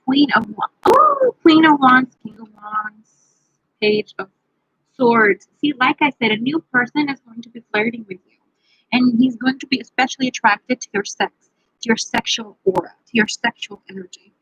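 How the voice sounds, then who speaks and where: Chatty bright-voiced woman reading tarot. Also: a little high, fairly even intonation, moderate pace, husky, no room sound, lo-fi sound. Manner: chatty, playful, talks to viewers by name. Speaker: tarot reader. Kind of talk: live tarot reading stream.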